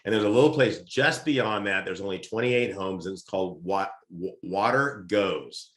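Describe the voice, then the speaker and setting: A middle-aged man, a podcast guest, telling lively stories in casual conversation. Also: sits low, moderate pace. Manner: lively anecdotal storyteller. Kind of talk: casual storytelling. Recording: roomy echo.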